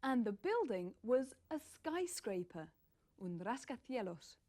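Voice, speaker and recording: A woman co-presenting an English course in a teasing, lively way. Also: on the high side, measured pace. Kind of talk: scripted teaching presentation.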